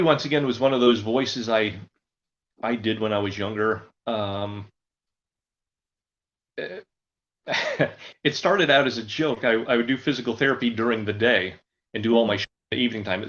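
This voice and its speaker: A man's voice: medium pitch, moderate pace, fairly bright tone, dull audio. An older man who performs as a ventriloquist, telling rambling stories in a casual interview. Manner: rambling, anecdotal storyteller. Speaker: ventriloquist guest.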